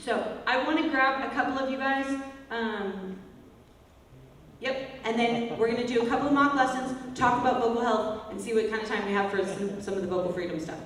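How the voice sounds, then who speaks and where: A woman vocal coach teaching a singing workshop, breaking into loud whiny and bratty exercise calls to demonstrate. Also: on the high side, steady tone, a little fast, slight background noise. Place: large echoey hall, workshop. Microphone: distant from the mic. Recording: echoey hall, voice from far off, faint music.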